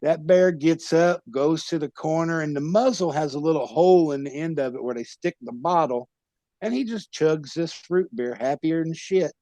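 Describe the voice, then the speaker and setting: A former pro wrestler telling a rowdy, profane story as a podcast guest. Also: male voice, on the high side, normal speed, no echo. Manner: profane, loud tall-tale telling. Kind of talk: animated comic storytelling.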